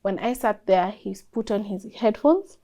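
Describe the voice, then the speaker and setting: A young woman, a guest in an interview, telling a personal story in a lively way and acting out what people said. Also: medium pitch, a little slow. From Kenya. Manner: animated storyteller, acts out quoted dialogue.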